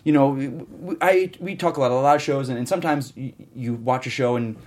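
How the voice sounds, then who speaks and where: A man's voice: medium pitch, a little mellow. A man hosting a casual panel chat, telling stories and acting out what people said. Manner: quick, chatty storyteller who acts out quotes. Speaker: podcast host.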